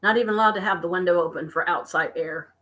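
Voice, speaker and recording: An exhausted, stressed woman venting to her viewers in a casual live-stream chat from her apartment, talking slowly and haltingly. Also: lowish voice, a bit bright. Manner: weary, venting, slow and halting. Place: home apartment.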